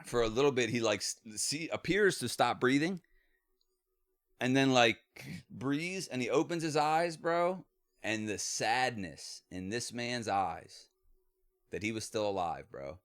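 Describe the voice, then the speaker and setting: A man telling stories in a casual podcast chat, profane and animated. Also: mid-range voice, a little slow. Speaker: podcast co-host.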